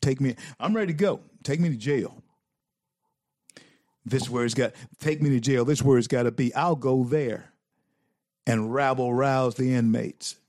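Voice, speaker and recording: A man's voice: mid-range voice, unhurried, long pauses, darkish tone, no echo, clean studio sound. A male talk show host giving fervent political commentary, preaching and repeating phrases for emphasis.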